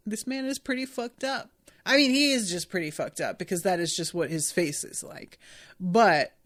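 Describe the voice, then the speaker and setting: A young woman hosting a podcast, casually recapping an episode in an animated, giggly way. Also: lowish voice. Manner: giggly, animated storytelling with frequent laughter. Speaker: podcast host.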